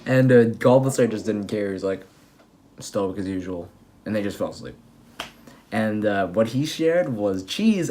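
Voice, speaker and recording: A young man casually recapping an anime episode, rambling and excitable with lots of fillers and restarts. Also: fairly low pitch, a little slow, a little hiss or hum. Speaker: anime reviewer.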